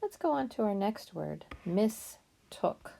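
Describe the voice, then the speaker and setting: A woman's voice: medium pitch, sing-song, slow, creaky, dark tone. A woman teaching a phonics lesson, spelling out letters and sounding words syllable by syllable while praising and checking in with a young learner. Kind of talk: slow, careful phonics lesson.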